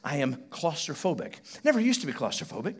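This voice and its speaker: Animated man preaching a sermon. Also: a little high, fairly quick, breathy edge. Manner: animated storytelling, swings from loud to hushed. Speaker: pastor. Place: church stage before a congregation.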